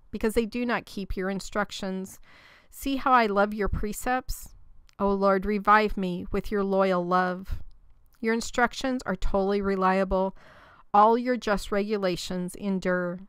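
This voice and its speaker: Woman reading scripture, very clear voice. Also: medium pitch, dry recording. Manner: measured, even recitation. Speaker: scripture reader.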